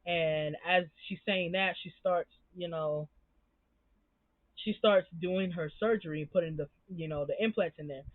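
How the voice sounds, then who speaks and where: A woman's voice: lowish voice, unhurried, dry recording. A young woman giving an impassioned, emphatic commentary rant as a show reviewer, frustrated and swearing freely. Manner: emphatic, frustrated, heavy profanity. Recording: tinny phone-like dry sound.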